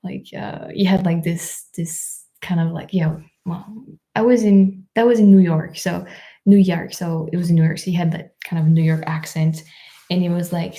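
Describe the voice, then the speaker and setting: Chatty French-accented woman, mellow voice. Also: fairly low pitch, fairly even intonation, moderate pace. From France. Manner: chatty, many fillers and restarts, laughs often. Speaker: live stream host reading chat. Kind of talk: casual live stream chat.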